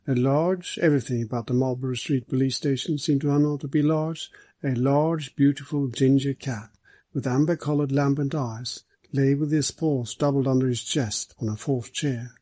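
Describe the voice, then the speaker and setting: A man narrates a detective story in an audiobook reading, measured and even. His voice sits at a middle pitch with a husky, breathy grain. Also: no room sound.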